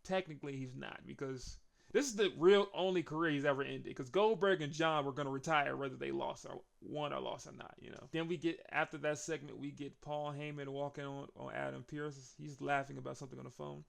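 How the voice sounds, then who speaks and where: A young man recapping a wrestling show in casual chat, chuckling often and getting more excited as the action builds. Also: mid-range voice, a little fast, gravelly.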